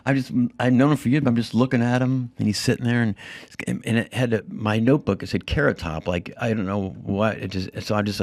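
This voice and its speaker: A male comedian guest in a studio, telling stories in a rambling, halting way with many restarts. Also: mid-range voice, no echo. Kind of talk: casual storytelling on a podcast.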